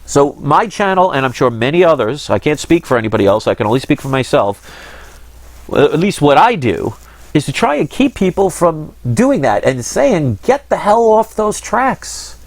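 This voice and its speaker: A man's voice: on the high side, big pitch swings, moderate pace, no echo. A man hosting his own channel, talking in a casual monologue that is earnest, rambling and frustrated. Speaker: channel host.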